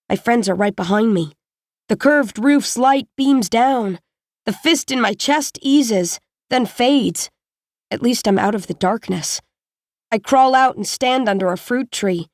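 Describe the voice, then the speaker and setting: A woman reading a first-person audiobook in a steady, measured storytelling manner, close to a studio mic. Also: on the high side, dry recording. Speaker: audiobook narrator.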